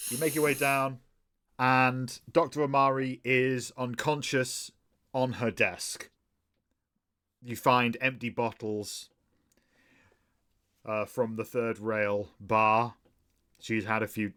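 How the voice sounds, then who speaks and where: A man narrating as game master of a tabletop game, relaxed and full of fillers. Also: mid-range voice, takes it slowly, long pauses.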